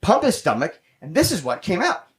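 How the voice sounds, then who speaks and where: A man's voice: high-pitched, huge pitch swings, a little fast, heavily acted. A man doing stand-up, voicing an angry male veterinarian who is blunt and exasperated. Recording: loud background noise with audience laughter.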